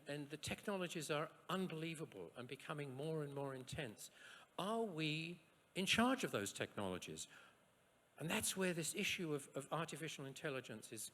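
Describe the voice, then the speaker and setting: A man from Australia giving a university science lecture, rhetorical and lively, with asides and short jokes. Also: fairly high pitch. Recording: echoey lecture hall.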